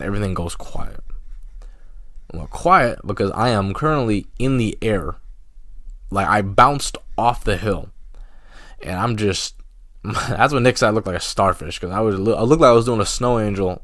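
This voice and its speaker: Low-voiced young man rambling casually. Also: fairly bright tone, no echo, clean studio sound. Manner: rambling, filler-heavy, laughing at himself. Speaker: podcast host. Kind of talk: casual solo storytelling.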